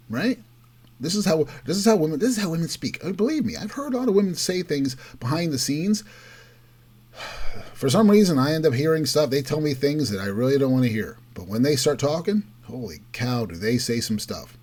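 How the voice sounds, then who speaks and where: Emphatic man with a husky voice. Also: a little high, a little mellow. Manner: emphatic, mocking quotes in raised voice. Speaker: political commentary host. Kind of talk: opinionated political monologue.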